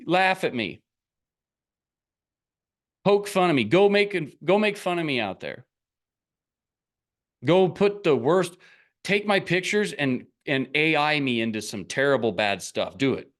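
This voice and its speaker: A man's voice: fairly high pitch, animated, takes it slowly, pauses often. A middle-aged man coaching on online business in a blunt, rambling, casual motivational talk, often breaking into laughs.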